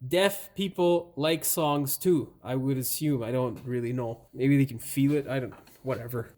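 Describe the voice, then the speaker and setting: A man's voice: medium pitch, steady tone, moderate pace, hardly any pauses, darkish tone, a little hiss or hum. A man working as a mechanic, swearing, grumbling and joking to himself as he works in a workshop. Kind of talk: casual workshop vlog. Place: workshop with an air compressor.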